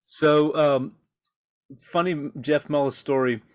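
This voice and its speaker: A man's voice: fairly high pitch, fairly even intonation, takes it slowly. A man co-hosting a podcast, telling rambling anecdotes with self-deprecating asides in a casual political chat. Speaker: podcast co-host.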